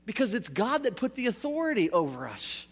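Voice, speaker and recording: A man with a strikingly high voice preaches a sermon to his congregation. He asks rhetorical questions and repeats phrases for emphasis. His voice carries a long echo through a big church hall. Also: very animated, fairly quick, breathy edge. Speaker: pastor.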